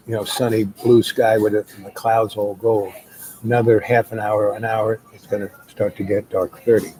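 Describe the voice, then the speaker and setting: Mellow-voiced man telling a rambling story. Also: mid-range voice, a little hiss or hum, rough recording. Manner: rambling, many fillers and restarts. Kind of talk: casual spoken storytelling.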